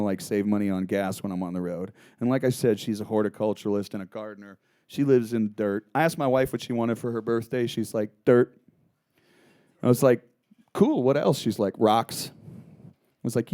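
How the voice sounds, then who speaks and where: A man's voice: mid-range voice, mellow, clear, resonant tone, no room sound. A guitarist and songwriter rambling through stage banter, joking and restarting his sentences between songs at a live club show. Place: small live music club. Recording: live club recording with music.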